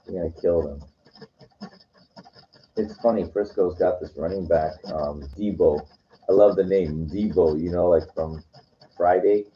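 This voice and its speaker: A man's voice: sits low, fairly even intonation, normal speed, slight background noise. A man talking in a loose, rambling way, full of "you know" and "like" with frequent restarts. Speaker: weekend vlogger. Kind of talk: casual rambling monologue. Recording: dull lo-fi recording.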